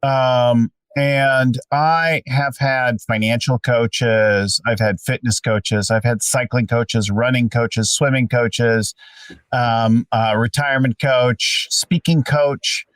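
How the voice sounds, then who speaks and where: A man's voice: mid-range voice, steady tone, slow pace, fairly bright tone, clean tone, no room sound. A man in his fifties co-hosting a podcast, chatting casually in an upbeat, emphatic way. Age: 50s. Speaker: podcast co-host. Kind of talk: casual chat. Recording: dry sound, distant from the mic.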